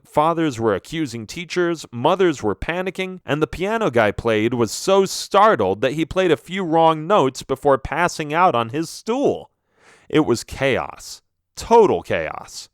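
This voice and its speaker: Animated man reading a kids' story. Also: mid-range voice, clean tone, no echo, clean studio sound. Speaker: audiobook narrator. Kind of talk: scripted first-person storybook narration.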